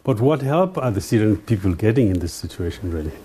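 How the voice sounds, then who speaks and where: A man's voice: fairly low pitch, sing-song, brisk, dark tone, a little hiss or hum. A man hosting an interview, asking questions with hesitant, stumbling restarts. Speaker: interviewer host.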